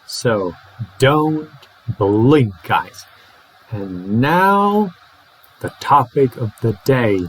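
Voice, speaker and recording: A man with a Czech first language teaching English in a playful way, acting out phrases slowly and fast. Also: medium pitch, very animated, breathy edge, rough recording. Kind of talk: English lesson to camera.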